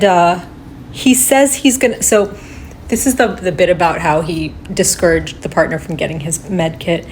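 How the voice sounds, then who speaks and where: A woman giving unscripted reaction commentary, agitated and swearing, shaken and halting as she talks. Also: mid-range voice, a little hiss or hum. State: shaking with upset. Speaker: reaction video creator.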